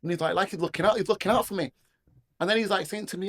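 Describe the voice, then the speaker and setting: This is personal testimony from a middle-aged Manchester man from England, guesting to tell his life story in a rambling, slang-heavy way, doing voices for the people in it. He talks rapid-fire in a high, somewhat bright voice. There's no room sound.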